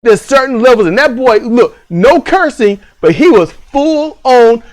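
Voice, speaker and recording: A man with a high, very lively voice that leaps up and down as he rants. He co-hosts a casual review chat and talks in a blunt, profane way, often breaking into laughs. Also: unhurried. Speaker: podcast co-host reviewing a TV series.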